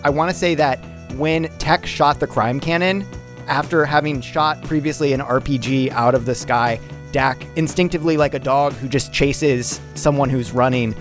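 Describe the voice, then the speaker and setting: A man's voice: medium pitch, moderate pace, soft background music. A man narrating his character's actions in a tabletop role-playing game, rambling and profane.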